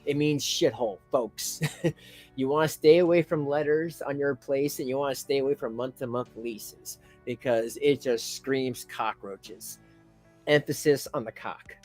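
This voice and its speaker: Man, commentary host, rambling, stammering restarts, heated ranting, mid-pitched voice, faint music behind. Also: unhurried. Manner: rambling, stammering restarts, calls out "folks", flares into loud rants.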